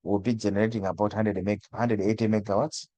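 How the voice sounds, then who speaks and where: A man's voice: lowish voice, little pitch movement, a little fast, warm tone, dry recording. A man from Malawi, a guest speaker on energy, explaining things over a video call with frequent restarts and stammers. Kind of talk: webinar discussion.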